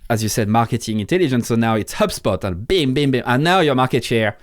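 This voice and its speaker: A man's voice: mid-range voice, expressive, quick pace, dry recording, studio quality. A man with a French accent, a podcast guest in casual interview talk, blunt and swearing freely, often restarting his sentences. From France.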